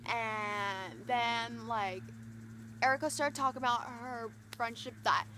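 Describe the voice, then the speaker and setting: A young woman vlogger gushing through an excited storytime, full of "like" and retold quotes. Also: on the high side, takes it slowly, slight background noise. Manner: gushing, breathless retelling full of "like".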